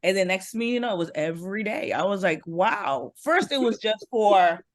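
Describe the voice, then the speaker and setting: Woman, podcast guest, animated storyteller, dry close sound. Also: mid-range voice, normal speed, no echo. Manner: animated storytelling, acts out others' lines. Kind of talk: casual chat.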